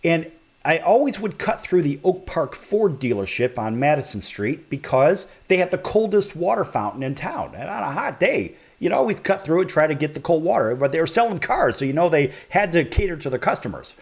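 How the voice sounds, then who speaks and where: An animated male talk show host from the Chicago area, spinning a story in a chatty way. His voice sits a bit high and swings widely. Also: a little fast. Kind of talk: storytelling in a broadcast interview.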